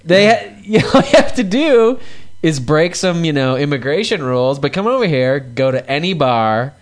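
A man's voice: on the high side, big pitch swings, normal speed. Wisecracking man co-hosting a podcast. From Michigan. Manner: laughing, wisecracking. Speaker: podcast co-host. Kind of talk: casual chat.

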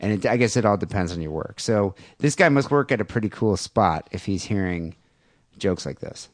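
Low voiced guy hosting a podcast, jokey banter, really lively pitch. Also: moderate pace, no room sound, clean studio sound. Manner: joking, animated banter. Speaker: podcast host. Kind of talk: casual comedy podcast chat.

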